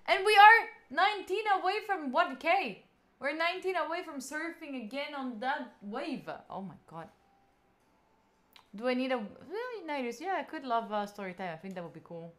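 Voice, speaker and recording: Her voice on the high side and animated, a young Italian-accented woman in her twenties chats with viewers on a casual study live stream, speaking at normal speed with long pauses. She's a native Italian speaker, tired and yawning, answering viewer messages between tangents.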